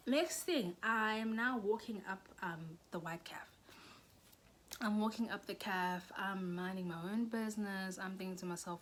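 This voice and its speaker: A young South African woman telling a storytime vlog, animated, often dropping into whispers and rising into shrill bursts. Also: moderate pace, a little hiss or hum. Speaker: YouTuber.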